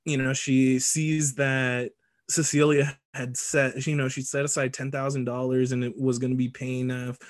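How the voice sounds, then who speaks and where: A man co-hosting a casual movie podcast, recapping scenes in a lively, joking way with frequent laughs and casual swearing. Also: mid-range voice, normal speed. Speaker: podcast co-host.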